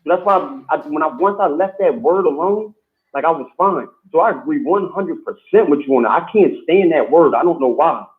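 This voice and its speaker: A man with a slightly high voice who talks in loose street slang and often stumbles and restarts his sentences. He sounds thin and tinny, as if he were coming in over a phone line. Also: expressive, fairly quick. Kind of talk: casual chat.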